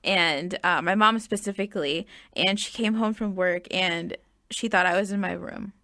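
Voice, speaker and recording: Young woman guest, chatty storyteller; creaky, bright, dry recording. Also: on the low side, normal speed, no room sound. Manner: chatty, peppers speech with "like". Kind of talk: casual storytelling.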